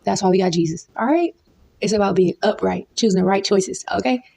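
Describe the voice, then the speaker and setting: A young woman with a Southern accent, giving an informal Bible teaching. She often asks "okay?" and jumps high in pitch when she stresses a point. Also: fairly quick, vocal fry, warm tone. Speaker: preacher.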